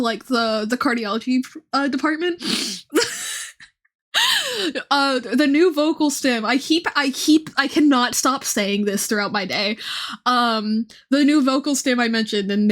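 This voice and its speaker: A young woman with a high voice tells a long story on her live stream. She rambles in a casual chatty way, with plenty of ums, and often breaks into laughter. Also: a bit bright.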